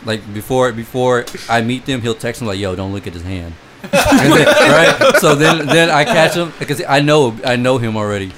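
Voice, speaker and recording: A man's voice: mid-range voice, sing-song, normal speed, fairly bright tone. Man, casual group chat, swears a lot, laughs mid-story, faint hiss in the background.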